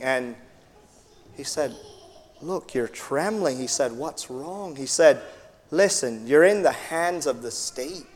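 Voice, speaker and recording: An American man, a missionary, gives a personal testimony at a Sunday evening church gathering, at an ordinary pitch for a man. He tells the story vividly, with sound effects and acted-out dialogue. His voice carries a long reverb, as if in a large hall. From United States.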